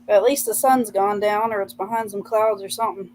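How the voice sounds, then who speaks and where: A woman's voice: medium pitch, fairly even intonation, a little fast, darkish tone, a little hiss or hum. A young woman, the host's daughter, chatting casually and breezily on a live stream. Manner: laughing, breezy, a bit distracted. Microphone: home microphone on a stream.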